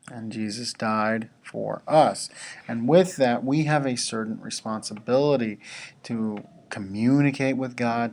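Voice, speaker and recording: A man delivers a devotional message to a school audience in a laid-back, conversational way. He speaks very slowly, in a voice of ordinary pitch, and drops in casual asides to the students between his points. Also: vocal fry.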